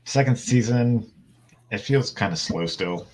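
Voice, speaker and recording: A man's voice: medium pitch, expressive, measured pace, darkish tone, a little hiss or hum, rough recording. A man in his thirties in casual chat as a co-host, laid-back and rambling, with dry sarcasm. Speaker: podcast co-host.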